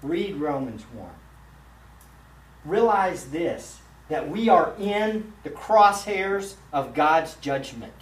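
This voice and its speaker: A man, a pastor, preaching a sermon in a church sanctuary, emphatic and swinging between loud and hushed delivery. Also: on the high side, very animated, slow, slight background noise. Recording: roomy echo, mic at a distance.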